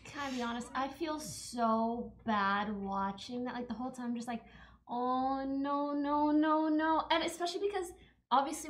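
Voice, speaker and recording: A young woman hosts a relaxed podcast chat in a slightly high voice. She rambles animatedly and leans on "like" at every turn, her energy rising and falling as she goes. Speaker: podcast host.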